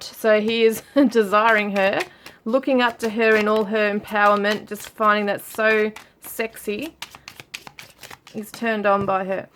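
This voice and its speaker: A woman giving a relaxed tarot reading, musing aloud with frequent fillers as she reads out card messages. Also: medium pitch, unhurried, a little hiss or hum. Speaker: tarot reader. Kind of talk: casual tarot reading for viewers.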